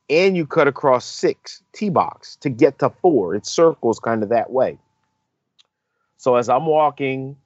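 A man co-hosting a golf podcast, telling a story in a casual, animated way and acting out the quotes. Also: medium pitch, no echo, highs cut off. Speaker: podcast co-host, on-course reporter.

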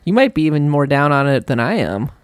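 Woman host, dry close mic, animated and teasing in casual chat. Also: low-pitched, fast, no echo. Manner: wry, teasing. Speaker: podcast host.

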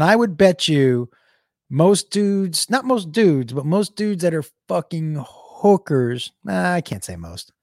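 Animated comedian telling a story. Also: male voice, fairly high pitch, dry recording, studio quality. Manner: animated, jumps into shouted impressions.

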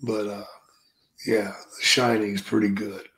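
A man's voice: fairly low pitch, flat delivery, a little slow, a bit bright. An older man, a retired wrestler, telling stories in a casual, profane, drawling way. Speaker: podcast guest, retired wrestler. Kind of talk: casual storytelling.

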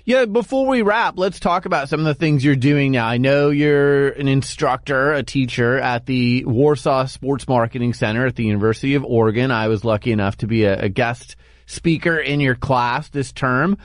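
A man hosting an interview and asking measured, conversational questions. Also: mid-range voice, no echo, clean studio sound. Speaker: podcast host.

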